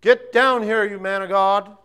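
A man voicing an angry male soldier captain who shouts commands up a hill. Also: high-pitched, steady tone, unhurried, clear, resonant tone, pitched above the performer's own voice. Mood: demanding.

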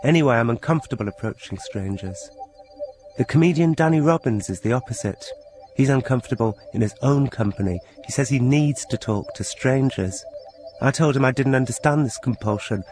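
A man presenting a radio programme, telling a first-person story in a dry, deadpan way. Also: medium pitch, brisk, faint music behind.

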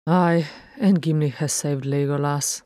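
A woman's voice: low voice, fairly even intonation, unhurried, dark tone, no echo, studio quality. A woman reading an anxious young dwarf prince. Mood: rueful. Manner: urgent, questioning. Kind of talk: audiobook fan fiction reading.

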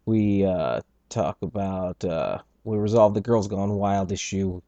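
Guy hosting a podcast from his apartment, low mellow voice, cusses a lot, rambles along. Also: unhurried, dry recording, muffled recording. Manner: rambling, profane, jokey. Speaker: podcast host. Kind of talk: casual podcast chat. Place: studio apartment.

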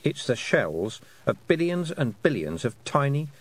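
A man voicing a brisk, sharp-tongued woman who is a witch and a teacher, lecturing precisely in an audiobook. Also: medium pitch, sing-song, husky, pitched above the performer's own voice. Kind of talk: audiobook character voice.

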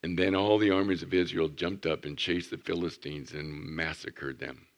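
A man preaching, a pastor telling a lively story to children in church and asking them questions. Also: sits low, moderate pace. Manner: animated storyteller, asks the kids questions.

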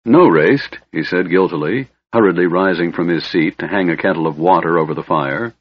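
Husky low-voiced man narrating an audiobook. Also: fairly quick, no room sound. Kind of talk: scripted fantasy audiobook narration. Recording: dull lo-fi recording.

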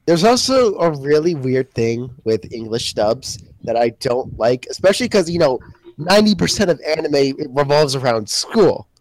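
A man's voice: a little high, very animated, normal speed, darkish tone, no echo. A young man chatting casually with friends, blunt and swearing freely. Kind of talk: casual podcast chat.

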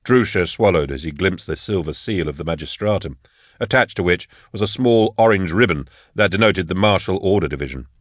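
A man reading scripted audiobook narration in a measured, even storytelling manner. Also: deep voice, no room sound, clean studio sound.

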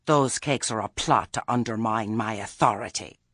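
A man voicing a prim, resentful committee lady in an audiobook, fussy and a little raised in pitch, with a husky voice. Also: normal speed, a bit bright, no room sound, clean studio sound.

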